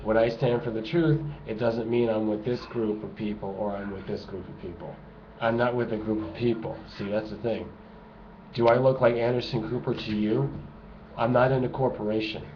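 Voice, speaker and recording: A man's voice: lowish voice, steady tone, normal speed. A man delivering a sarcastic, emphatic ranting monologue to camera, repeating his points for effect. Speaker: video blogger. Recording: dull lo-fi home recording with noise.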